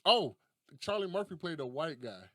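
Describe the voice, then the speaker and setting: Animated young man, lively swinging voice. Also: on the high side, moderate pace, no room sound, clean studio sound. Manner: animated, profane storyteller who laughs often. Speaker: podcast host. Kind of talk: casual podcast chat.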